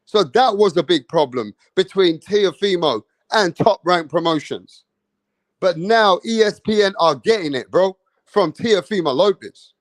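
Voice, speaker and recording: A man giving casual boxing commentary, excitable and slangy, repeating himself for emphasis. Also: sits high, unhurried, dry recording.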